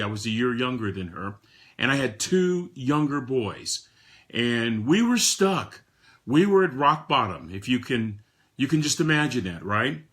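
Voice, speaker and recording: A man in his sixties giving a motivational talk to a live audience, emphatic, with frequent repeated words and swings between soft and loud. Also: mid-range voice. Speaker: motivational speaker.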